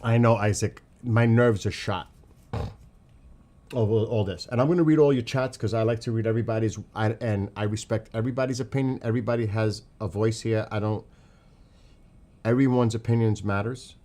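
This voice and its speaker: A man from New York City with a New York accent, hosting a livestream and commenting on flight tracks while reading chat, excitable and rambling, asking questions as he goes. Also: on the low side, a little fast.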